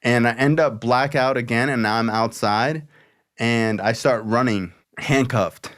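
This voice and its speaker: Animated man telling a wild story. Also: mid-range voice, unhurried. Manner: animated, acts out quoted voices. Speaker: podcast host. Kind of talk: casual storytelling chat.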